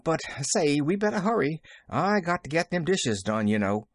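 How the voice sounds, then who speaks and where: A man voicing a flustered, excitable young woman servant who exclaims in rustic country speech. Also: a little high, normal speed, no room sound, pitched above the performer's own voice.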